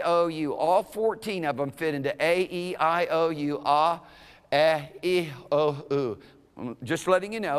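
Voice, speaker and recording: A man's voice: fairly high pitch, a bit bright, in a large hall. A man teaching an introductory Hebrew class as a classroom lecture, talking casually and checking in with the students often. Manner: conversational, checks in with "okay?" often. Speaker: Hebrew instructor. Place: lecture room.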